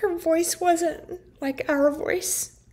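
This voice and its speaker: A woman's voice: extremely high pitch, fairly even intonation, drawn-out words, a little mellow. A woman vlogger earnestly telling a personal story to her viewers, emotional and full of "like" and "you know". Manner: earnest, emotional, heavy use of "like". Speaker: vlogger and family caregiver.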